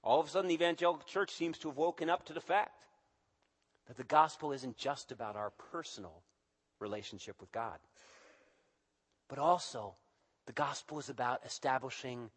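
A man preaching a sermon in a church, animated and lively, acting out quotes in a raised voice. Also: on the high side, moderate pace, long pauses, slightly rough, long reverb tail. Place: church service.

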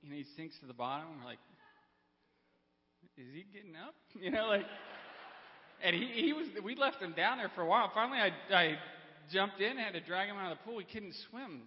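A man telling personal stories to a church congregation, unprepared, with frequent restarts and throat clearing. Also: high voice, big pitch swings, fairly quick. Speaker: church member speaking to congregation. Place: church sanctuary. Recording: lo-fi with long hall reverb.

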